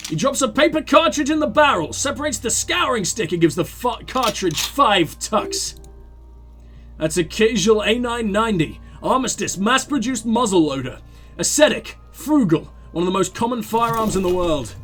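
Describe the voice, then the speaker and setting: A man hosting a video game playthrough reads the narration aloud in a high, lively voice that swings a lot in pitch. He trips over words and backs up to fix them, adding quick remarks of his own. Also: music in the background. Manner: animated, stumbles and corrects himself while reading. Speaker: let's play host. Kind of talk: reading game text aloud with commentary.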